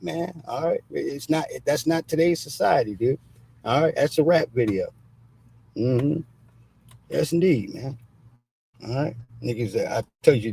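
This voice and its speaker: On a streaming mic, a livestream show host talks in a slightly high, creaky voice with a warm, slightly rough tone. He gives blunt, casual commentary loaded with street slang and cursing, repeatedly saying "all right".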